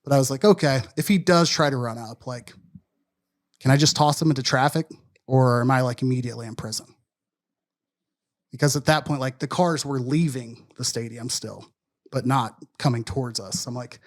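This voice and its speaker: A man's voice: medium pitch, normal speed. Man from Wisconsin telling a story. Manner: loose, profane, self-deprecating storyteller. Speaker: podcast co-host. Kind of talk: casual storytelling chat.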